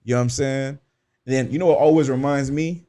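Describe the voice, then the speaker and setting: A man hosting a casual religious discussion on a radio show, lively, acting out quoted voices and cursing freely. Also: medium pitch, fairly quick. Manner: animated, acts out quoted voices, swears.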